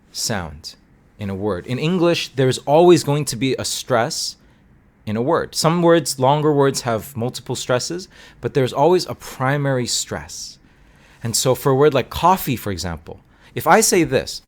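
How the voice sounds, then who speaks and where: A young man teaches listening tips in a relaxed, chatty way. His voice swings up and down a lot as he acts out sounds with playful flair, and it sits in a middling pitch. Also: moderate pace. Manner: animated, demonstrates sounds with playful exaggeration. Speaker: language teacher. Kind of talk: casual teaching talk.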